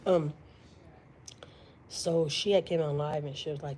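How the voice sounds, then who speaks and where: A woman's voice: low-pitched, steady tone, slow pace, long pauses, warm tone, slight background noise, poor audio. A woman from Houston, telling a story to her live-stream viewers in a chatty way, with lots of fillers. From Houston, Texas. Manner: chatty, many fillers, quotes others dramatically.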